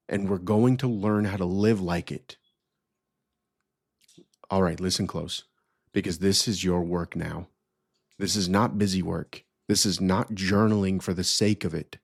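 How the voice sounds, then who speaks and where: A man hosting a podcast, leading listeners through a guided affirmation ritual with slow, emphatic repetition. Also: low-pitched, steady tone, vocal fry, no room sound, clean studio sound. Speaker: podcast host.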